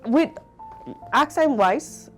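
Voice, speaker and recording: A woman with a Nigerian accent, telling her story as an interview guest in a reflective, halting way full of fillers. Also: sits high, animated, soft background music. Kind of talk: conversational interview.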